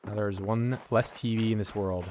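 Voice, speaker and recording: A man's voice: fairly low pitch, fairly even intonation, normal speed, darkish tone, slight background noise. An American man giving casual, joking commentary to his chat while he plays a video game. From United States. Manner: chatty, joking, talking to chat while playing. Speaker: game streamer.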